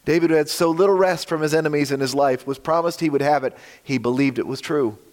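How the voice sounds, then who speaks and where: A man preaching a sermon with a slightly croaky voice, earnest and emphatic, slowing for dramatic drops. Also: on the high side. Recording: long hall reverb.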